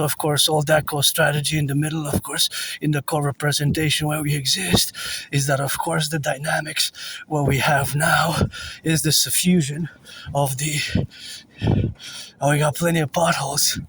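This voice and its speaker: Man, slightly high voice, rambling, repetitive, outdoor street, far from the mic. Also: fairly bright tone, slight background noise. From Quebec, Canada. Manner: repetitive, drifting, mutters asides under his breath. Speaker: vlogger. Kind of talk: rambling walking monologue.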